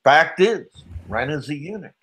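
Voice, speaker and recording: A man's voice: on the high side, sing-song, moderate pace, a bit bright. A man hosting a casual online radio show, trash-talking with mock-serious swagger and frequent laughter. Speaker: podcast host. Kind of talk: casual chat, trash talk.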